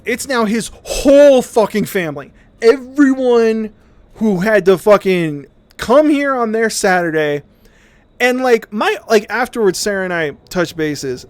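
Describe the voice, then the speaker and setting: High-voiced man telling a rambling story. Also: dry recording. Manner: rambling, profane, exasperated storytelling. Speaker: streamer. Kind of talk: casual storytelling while gaming.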